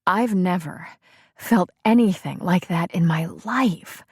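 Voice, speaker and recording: A woman reading the part of a woman newly in love in an audiobook, with soft, breathy, wondering delivery. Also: fairly low pitch, takes it slowly, no room sound, studio quality, exaggerated voice. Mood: awed.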